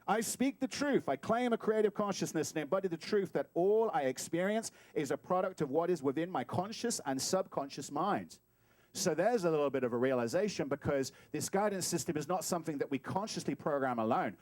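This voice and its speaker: Lively higher-voiced man preaching. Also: a little fast, no room sound. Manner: animated and playful, acts out scenes. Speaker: guest speaker at a spiritual center. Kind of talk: sermon. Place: talk hall.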